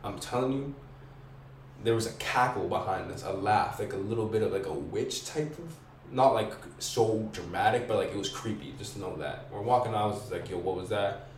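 A young man with a slightly low voice spins a story in loose, profane slang, acting out voices as he goes. He sits back from the microphone in an echoey room with a faint hiss underneath. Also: a little fast, distant mic. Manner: slangy and profane, lots of "bro" and "like"; excitable, acts out voices and screams. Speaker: podcast guest. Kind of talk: casual storytelling.

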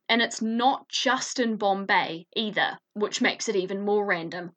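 A woman's voice: medium pitch, a little slow, hardly any pauses, a bit bright. A woman co-hosting a podcast, chatting casually, giggling often and swearing freely. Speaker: podcast co-host. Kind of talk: casual chat.

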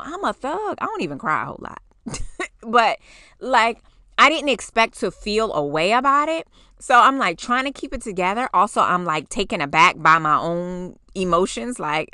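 A woman in her forties hosting a podcast, telling a personal story in a casual, animated way, acting out quotes and swearing freely. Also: medium pitch, normal speed, dry recording, studio quality. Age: 40s. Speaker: podcast host.

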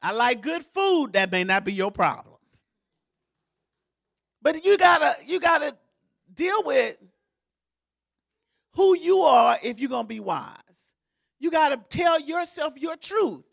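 A woman's voice: high voice, expressive, slow pace, gravelly, long pauses. A woman pastor giving a sermon in a folksy, joking, conversational way, as if in a church.

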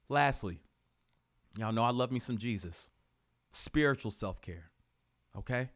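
A man hosting a podcast, giving an animated, profane, casual motivational talk full of repeated rhetorical questions. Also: mid-range voice, normal speed. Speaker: podcast host.

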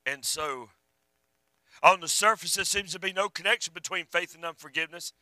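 A man preaching a sermon, fervent one moment and hushed the next, with a drawl. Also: high-pitched, a little fast, dry recording, low-quality recording. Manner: fervent, rising and falling, drops to a hush.

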